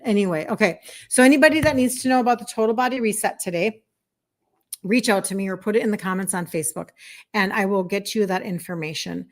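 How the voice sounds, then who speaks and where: A woman's voice: medium pitch, brisk. A chatty woman in her fifties talking live to her viewers. She is an encouraging health coach who talks loosely, with plenty of fillers. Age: 50s. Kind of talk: casual live-stream chat, reading viewer comments.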